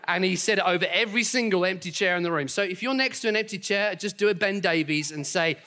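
A man's voice: sits high, fast, few pauses, pushed and bright. A man preaching a sermon as pastor to his congregation, upbeat and confident, with friendly asides. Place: church auditorium.

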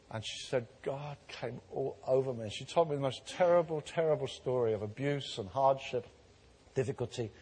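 Husky-voiced preacher in a reverberant hall. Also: male voice, fairly high pitch. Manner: storytelling, growing animated and emphatic. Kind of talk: sermon. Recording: long reverb of a large hall.

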